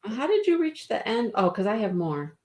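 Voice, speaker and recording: A woman's voice: fairly high pitch, sing-song, normal speed, a little mellow. A woman co-hosting a live crochet stream, telling stories and chatting casually. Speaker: co-host of a crochet livestream. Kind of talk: casual chat.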